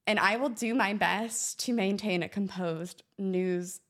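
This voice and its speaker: A woman's voice: mid-range voice, measured pace, a bit bright. Young woman podcast co-host, talkative and giggly, studio mic. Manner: chatty, laughs often, self-conscious. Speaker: co-host, law student. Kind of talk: casual podcast chat, reading forum posts aloud. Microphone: studio microphone.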